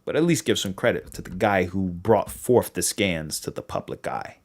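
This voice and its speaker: A young New England man with a Boston accent hosts a livestream, rambling casually in an animated way, full of fillers, and acting out quoted dialogue. His voice is low with vocal fry, at a normal speed.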